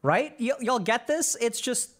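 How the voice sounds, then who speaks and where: A man's voice: very high voice, animated, unhurried, fairly bright tone. A man hosting a podcast, giving casual advice to a live chat, acting out imagined inner voices and often asking "right?". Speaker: podcast host, psychiatrist.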